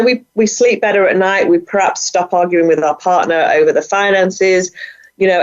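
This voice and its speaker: A middle-aged woman talking casually and with enthusiasm as a guest on a video call, chatty and quick to laugh. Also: low-pitched, darkish tone. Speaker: guest, budgeting coach. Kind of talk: casual interview talk. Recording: muffled, lo-fi sound.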